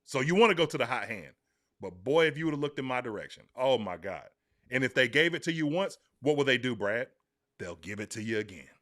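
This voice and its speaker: A man co-hosting a sports podcast, talking emphatically and excitably to his co-host. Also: medium pitch, a little fast. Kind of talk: animated sports talk.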